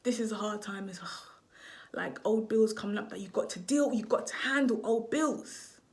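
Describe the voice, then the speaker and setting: A woman's voice: mid-range voice, normal speed, a little mellow. A woman astrologer talking casually to camera, rambling, swearing freely and often losing her train of thought.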